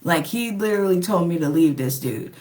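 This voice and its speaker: A woman's voice: on the low side, expressive, a little fast, darkish tone. A young adult woman casually telling a personal relationship story, full of "like" and "um" and acted-out quotes. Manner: chatty, lots of "like" and "um", acts out quoted lines. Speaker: relationship vlogger.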